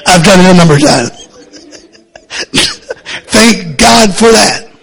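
Gravelly high-voiced preacher man. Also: expressive, takes it slowly. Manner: rambling, laughing asides, builds to shouting. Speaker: pastor. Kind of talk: fiery sermon. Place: church.

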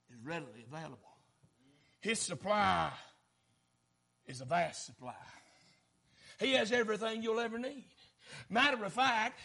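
Preacher guy, real high pitched, yells then drops way down quiet. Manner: fervent preaching that swings from shouts to near-murmurs. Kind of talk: sermon.

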